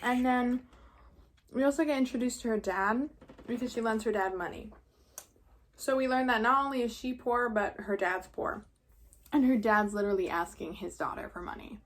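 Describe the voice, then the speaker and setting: A woman's voice: a little high, normal speed, slight background noise. An eighteen-year-old woman from New York, casually recapping a musical while eating, talking in a rambling way full of "like". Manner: chatty, rambling, heavy on "like". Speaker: vlogger.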